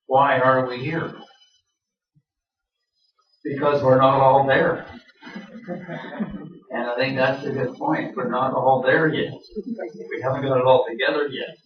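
Older male pastor, seventies, folksy sermon delivery; distant, dull, roomy recording. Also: mid-range voice. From Canada. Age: 70s. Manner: folksy, joking asides. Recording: roomy hall, distant mic, dull sound.

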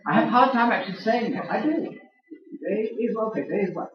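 Speaking briskly in a high-pitched, animated voice, an older man addresses a church audience in a large room, lecturing like a preacher and needling listeners with questions. The recording is echoey and dull, captured from far away.

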